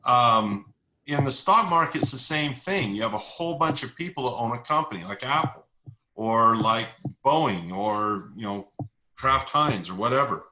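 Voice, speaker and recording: A man's voice: medium pitch, lively intonation, moderate pace, noisy background. A middle-aged man in an interview, explaining investing ideas with analogies and stories and repeating key words for emphasis. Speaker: investing educator, interview guest. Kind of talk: conversational explanation.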